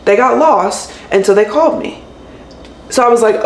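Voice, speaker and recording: A woman's voice: on the high side, fairly quick. Exasperated woman ranting. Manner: animated, exasperated, sarcastic. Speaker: labor and delivery nurse. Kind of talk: casual storytime rant to camera. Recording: roomy room echo with faint ambient noise.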